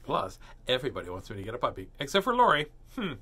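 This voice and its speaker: A man's voice: medium pitch, huge pitch swings, fast talker, sharp tone, breathy edge. A man hosting a casual storytime, joking around and playfully teasing between picture book pages. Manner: joking, playful, lots of fillers. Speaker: host reading picture books aloud.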